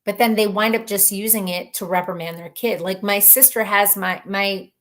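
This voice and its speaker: Woman, live-stream host, casual chat, rambling, laughs a lot, mid-pitched voice. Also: fairly even intonation, moderate pace. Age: adult mother of children. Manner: chatty and rambling, laughs often, thinks out loud. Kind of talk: casual live-stream chat, reading viewer comments aloud.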